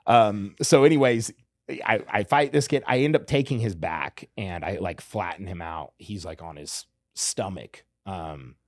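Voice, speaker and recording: A man's voice: low voice, unhurried, no room sound. Man telling a fight story, dry sound. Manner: animated, restarts a lot, says "you know what I mean". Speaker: podcast guest, fighter. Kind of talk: casual storytelling.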